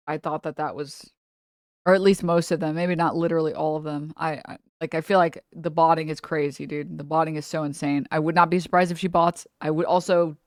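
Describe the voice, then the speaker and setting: Woman streamer rambling to chat, lotsa ums and likes, lowish voice. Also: no echo, clean studio sound. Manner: rambling, filler-heavy, drifts off mid-thought. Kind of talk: casual live-stream chat.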